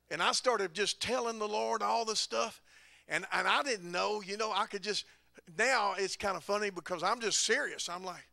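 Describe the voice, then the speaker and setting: A man's voice: sits high, normal speed, creaky, bright, forceful tone, dry recording. A man preaching a testimony, telling folksy stories and laughing at himself. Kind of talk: testimony sermon. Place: church sanctuary.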